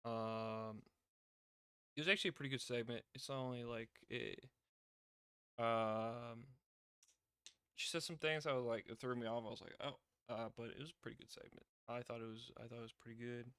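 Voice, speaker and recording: A man's voice: medium pitch, moderate pace, clean tone, no echo. Rambling young man recapping wrestling. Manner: rambling, filler-heavy, gets loud when excited. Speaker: wrestling show reviewer. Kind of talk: casual recap review.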